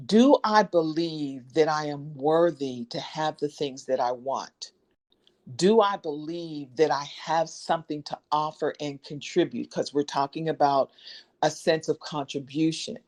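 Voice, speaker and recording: Woman, motivational guest facilitator on a video call, lower voice, affirming and repetitive. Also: measured pace. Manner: encouraging, affirming, repeats key phrases. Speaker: guest speaker leading a support session. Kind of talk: motivational workshop talk.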